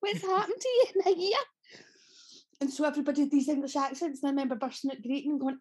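A woman's voice: high-pitched, fast talker, darkish tone. A Scottish woman in her thirties with a Glaswegian accent, an actress telling stories in a casual podcast interview, chatty, laughing often and swearing freely. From Scotland. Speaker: guest actress.

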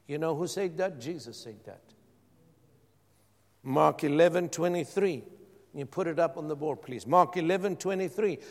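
A man's voice: fairly high pitch, moderate pace, pauses often, a little mellow. A man preaching a sermon as pastor, calling out questions to his congregation. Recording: long hall reverb.

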